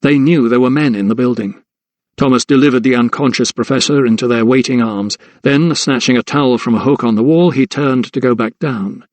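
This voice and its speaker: Guy narrating an audiobook, mid-pitched, steady and suspenseful, dry close mic. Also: dry recording. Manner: measured, suspenseful reading. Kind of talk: scripted narration.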